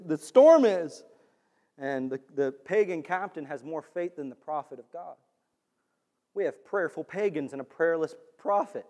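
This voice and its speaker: A man preaching a sermon in an animated way, rising to near-shouts for emphasis. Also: sits high, a little fast. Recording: long hall reverb.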